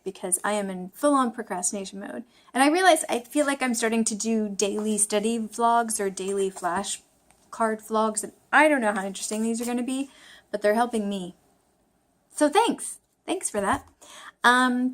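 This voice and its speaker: A woman's voice: a little high, moderate pace. Chatty woman vlogging her study session. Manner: chatty, self-deprecating, thinking aloud with fillers. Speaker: language-learning vlogger. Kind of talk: casual study vlog.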